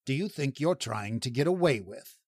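A man's voice: mid-range voice, animated, unhurried, no echo. Brief: male reader doing a disapproving jail superintendent, icy, flustered, dry close sound. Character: cold, fussy male prison superintendent.

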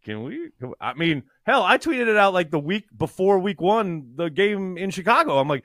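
A man co-hosting a podcast in casual sports chat, animated and swearing, with quick restarts. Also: on the high side, no room sound, studio quality. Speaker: podcast co-host.

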